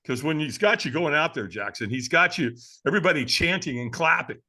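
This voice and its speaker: Man, podcast guest, dramatic storyteller, swinging pitch, bright tense tone. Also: brisk. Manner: lively, dramatic, laughs through his story; casual, addresses the host as man and brother. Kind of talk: animated personal storytelling.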